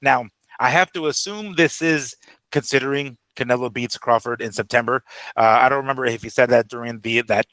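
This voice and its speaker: A man co-hosting a boxing show in loose, casual chat. His voice is bright and forward, and he gets excitable and swears freely. The sound is dry and close. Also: mid-range voice, a little fast, no echo, low-quality recording.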